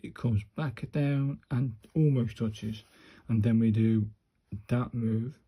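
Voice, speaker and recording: A man slowly talking his viewers through handwriting practice, muttering each stroke as he writes. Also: medium pitch, steady tone, slightly rough, highs cut off. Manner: slow, muttering step-by-step to himself and viewers. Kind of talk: casual narrated handwriting practice.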